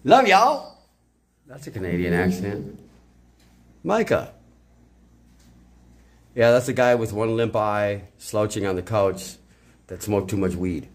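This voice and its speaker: A man's voice: lowish voice, measured pace, long pauses, darkish tone. A man rambling in a casual monologue as a self-styled father of all creation, erratic and profane with sudden outbursts.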